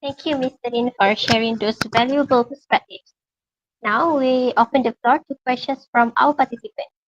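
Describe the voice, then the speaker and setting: A woman's voice: on the high side, steady tone, moderate pace, lo-fi sound. A woman moderating an online session, speaking in a polite, scripted way. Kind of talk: formal announcement. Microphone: video call.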